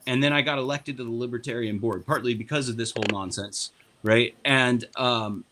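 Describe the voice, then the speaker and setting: A man, a party board member, telling a long story on a podcast in a casual, animated and profane way. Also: mid-range voice, fairly quick, background noise.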